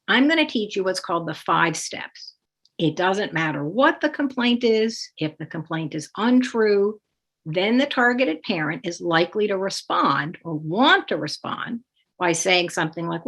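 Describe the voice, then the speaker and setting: A woman coaching parents in a calm, explanatory way, acting out sample phrases to say to a child. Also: fairly low pitch, a little slow. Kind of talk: instructional talk with demonstrations.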